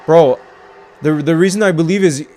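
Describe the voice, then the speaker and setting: A man watching a football match and reacting live, talking to the screen and erupting into shouts when his team scores. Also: a little high, moderate pace, slight background noise. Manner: excitable, talks to the screen, erupts into shouting at goals.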